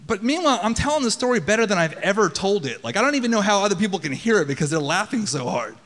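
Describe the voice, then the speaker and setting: A man's voice: sits high, big pitch swings, fast talker, hardly any pauses, fairly bright tone, big-room sound. A man telling a personal story on a theater stage in a casual, profane, conversational way.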